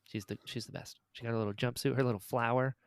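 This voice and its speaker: A man, the creator of an audio drama, chatting on a podcast in an excitable, storytelling way. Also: mid-range voice, fast talker, no echo. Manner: excitable storyteller, acts out quoted lines. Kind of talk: casual podcast chat.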